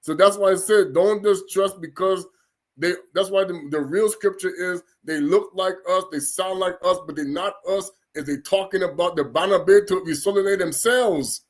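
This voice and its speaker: A man's voice: high voice, normal speed. A man giving an informal scripture lesson, sounding out foreign words syllable by syllable and breaking into chatty, laughing asides. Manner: laughs and gets animated in asides. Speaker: religious teacher.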